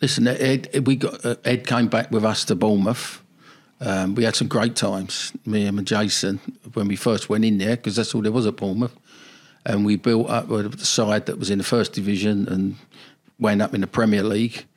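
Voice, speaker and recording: A man's voice: fairly low pitch, steady tone, normal speed. An older man, a football manager telling rambling, nostalgic stories in a casual interview.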